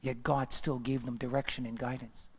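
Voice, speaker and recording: A male pastor telling his life story in a sermon, chatty and animated, asking the crowd questions and often restarting his sentences. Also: medium pitch, moderate pace, slightly rough. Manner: storytelling, animated, asks the audience questions, repeats himself. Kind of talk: testimony sermon.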